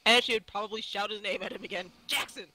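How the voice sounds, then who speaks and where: A man's voice: high-pitched, fairly even intonation, racing, pushed and bright, poor audio. A man describing his character's actions as a player in a tabletop game, easygoing and prone to laughing. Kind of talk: casual tabletop play.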